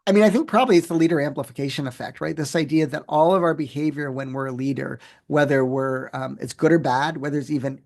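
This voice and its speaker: A man, a professor and author, answering interview questions in an animated, storytelling way with many fillers and restarts. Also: on the high side, vocal fry.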